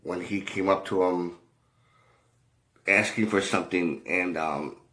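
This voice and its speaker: A man telling a rambling story in a casual way, halting often, with many fillers and restarts and a lot of swearing. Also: sits low, fairly even intonation, fairly bright tone. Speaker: commentator.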